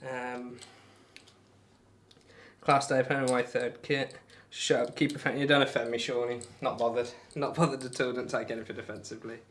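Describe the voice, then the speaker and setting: A young man keeps up a loose, rambling chat on a live darts stream, answering viewers and poking fun at his own throwing. His pitch sits mid-range for a man, and faint noise lies behind him. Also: little pitch movement, moderate pace, a bit bright. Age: young adult. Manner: rambling, self-deprecating, reads out and answers chat. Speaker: darts livestreamer.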